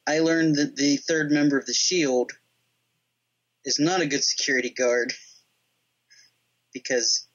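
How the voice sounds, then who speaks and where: A man's voice: on the high side, a little slow, long pauses. Giggly man on a dull lo-fi line. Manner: excited storytelling with many restarts and laughs. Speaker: podcast co-host. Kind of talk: casual chat. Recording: dull lo-fi sound.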